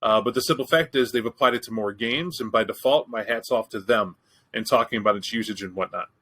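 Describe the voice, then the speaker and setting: A man hosts a show in easy, casual chat. His voice is bright and forceful. He tells his story bluntly, swears freely and jokes as he goes. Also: on the low side, fairly quick, husky, poor audio. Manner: candid, profane, joking storyteller. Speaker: podcast host.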